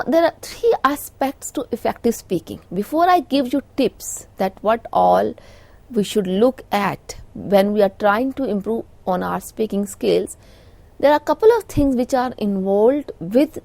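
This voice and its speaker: A woman's voice: on the high side, lively intonation, a little slow, vocal fry, darkish tone, dry recording. A middle-aged woman with an Indian English accent giving a recorded lecture, explaining points with frequent "you know" fillers.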